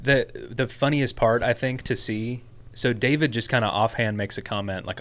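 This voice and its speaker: A man's voice: mid-range voice, steady tone, normal speed, fairly bright tone. A young man co-hosting a casual podcast chat, telling stories animatedly and laughing often. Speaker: podcast co-host.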